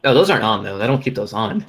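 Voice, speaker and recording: A man's voice: on the low side, big pitch swings, fast talker, fairly bright tone, a little hiss or hum. A man playing a character in a tabletop game, talking casually and laughing with his group. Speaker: player.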